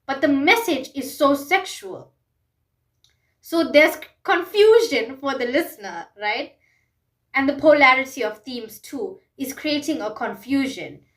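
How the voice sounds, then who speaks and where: A woman's voice: sits high, animated, measured pace, fairly bright tone. A woman vlogger talking through a music review, emphatic and full of rhetorical questions and repeated phrases. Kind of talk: passionate music commentary monologue.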